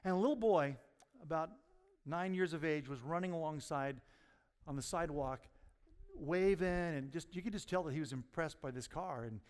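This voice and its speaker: Male pastor, sermon delivery, storyteller with loud punchlines, reverberant sanctuary. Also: on the high side, moderate pace, smooth. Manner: storytelling, rising to near-shouts at punchlines. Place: church sanctuary.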